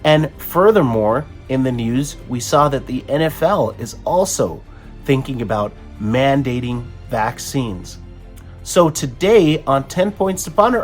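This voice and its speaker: A man hosting an opinion commentary, talking emphatically with frequent restarts. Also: on the high side. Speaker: host.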